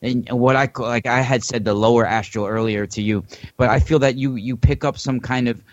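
A man in a casual spiritual talk gives measured, cautionary advice, halting now and then with fillers. His mid-pitched voice comes through muffled and dry, with no room sound. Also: steady tone, dry recording. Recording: dull, dry, muffled audio.

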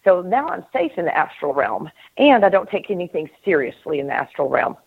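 A middle-aged woman speaks earnestly over a thin, phone-like line, her voice a little husky and set fairly low. She talks in an animated way, laughs often, and acts out what she heard herself think. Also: fairly quick. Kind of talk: casual spiritual conversation. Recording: tinny phone-line call audio.

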